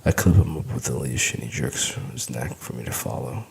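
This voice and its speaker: A man's voice: very deep voice, brisk, vocal fry, darkish tone, slight background noise. A man narrating an audiobook in the first person, with wry, weary humor.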